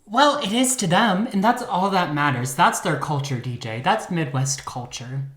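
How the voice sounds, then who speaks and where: A man's voice: high voice, animated, normal speed, a bit bright. A man co-hosting a podcast, telling a true-crime story in a campy, joking, casual way. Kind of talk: casual chat. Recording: roomy echo.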